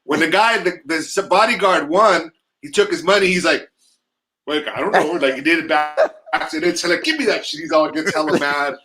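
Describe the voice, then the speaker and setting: A man with a bright, ringing voice chats casually on a livestream, telling stories in a loose, joking way. His pitch sits a little high for a man. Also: moderate pace, rough recording. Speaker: livestream co-host. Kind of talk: casual chat.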